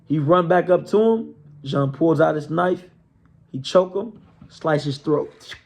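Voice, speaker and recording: A man spinning a story in a relaxed, conversational way and checking in with his listeners as he goes. His voice sits a little high. He takes his time with each line. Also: takes it slowly, vocal fry. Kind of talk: casual spoken storytelling.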